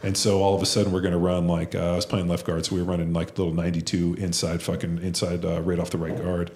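A man who played football telling profane, animated stories in a casual chat. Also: sits low, fast. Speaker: podcast host, former football lineman.

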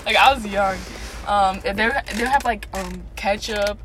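Her mid-range, fairly bright voice moving a little slowly, a young woman co-hosting a friends' podcast chats casually, rambling through stories with plenty of filler. There's slight background noise.

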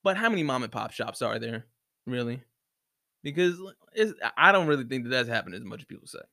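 This solo podcaster speaks in a medium-pitched, gravelly, bright voice with a forceful tone, very animated at normal speed but with long pauses. His opinionated rant is profane, heated and sarcastic, and he often mocks others' views.

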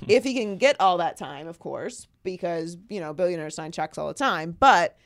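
Female podcast host, casual sports chatter, lively and opinionated, quick asides. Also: lowish voice.

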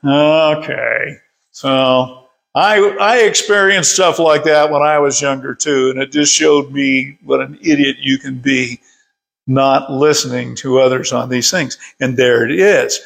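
A man's voice: medium pitch, steady tone, measured pace, gravelly, a bit bright. An older man leading a casual Bible study from his workshop, folksy and chuckling as he tells stories.

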